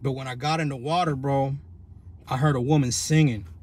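A man's voice: medium pitch, steady tone, fairly quick, darkish tone, breathy edge. A man telling a rambling story in a loose, slang-heavy way, full of restarts and "you feel me" tags. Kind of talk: casual storytelling monologue.

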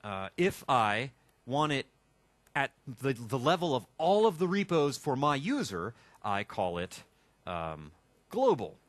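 A man runs a hands-on coding class, thinking aloud as he types and tossing in wry jokes. His pitch jumps around with animated energy. The sound is dry and close. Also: slow pace, dry recording. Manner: joking, chatty, thinks aloud while typing. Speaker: instructor. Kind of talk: live technical workshop. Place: classroom with a live audience.

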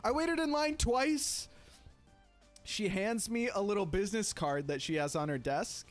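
A young man with a fairly high voice spins a rambling, animated story for his livestream, peppering it with fillers and the occasional swear. Soft music plays faintly behind him. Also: measured pace. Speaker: streamer.

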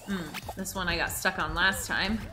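A woman's voice: on the low side, moderate pace, music in the background. A young woman streaming a game, chatting casually with viewers and cooing baby talk at her dog. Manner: chatty and animated, talks to viewers. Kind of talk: casual livestream chat.

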